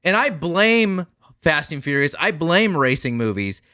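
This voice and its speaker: A man co-hosts a casual podcast in a bright, forward voice. He jokes and corrects himself as he talks. The mic is close and dry, with no room echo. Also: on the high side, big pitch swings, a little slow. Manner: joking, self-correcting. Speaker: podcast co-host.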